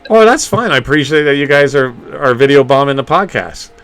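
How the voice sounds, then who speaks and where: Bright-voiced man hosting a streamed podcast. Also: on the high side, a little fast, smooth, faint music behind. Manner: animated storytelling, swears freely, laughs often. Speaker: podcast host. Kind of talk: casual livestream podcast chat.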